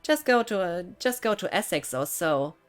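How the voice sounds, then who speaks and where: A woman's voice: on the low side, lively intonation, moderate pace, faint music behind. A young woman with a German accent, a non-native English speaker, rambling casually as she chats on a live gaming stream. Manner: rambling, thinking aloud.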